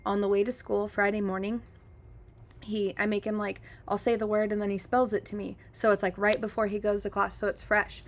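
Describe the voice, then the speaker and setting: A woman in her thirties telling stories in a casual podcast chat, animated and expressive. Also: medium pitch, fairly quick. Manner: animated storyteller.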